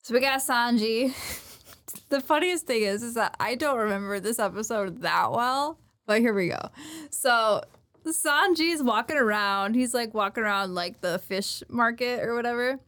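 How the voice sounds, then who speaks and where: A woman's voice: fairly high pitch, normal speed, a bit bright. A woman co-hosting a podcast in casual chat, retelling a story animatedly with put-on quotes and laughter. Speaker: podcast co-host.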